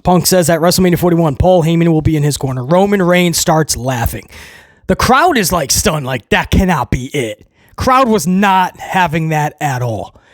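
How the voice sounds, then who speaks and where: A man recapping a wrestling show in a casual, excitable way, rambling with restarts and chuckles. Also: on the high side, normal speed, dry recording, studio quality.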